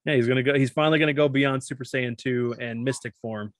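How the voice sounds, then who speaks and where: A man's voice: medium pitch, steady tone, fast talker. Stumbling, joking man hosting a podcast. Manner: stumbles over words, jokey. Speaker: podcast host. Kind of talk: casual chat.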